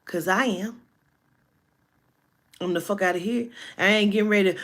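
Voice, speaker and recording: A woman telling a personal story in a casual monologue, animated and emphatic, with heavy profanity. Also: medium pitch, quick pace, pauses often.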